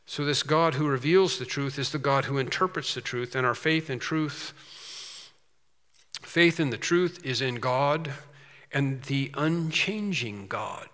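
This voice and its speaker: A man preaching a sermon, slow and emphatic with quicker asides. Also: medium pitch, fairly bright tone, big-room sound.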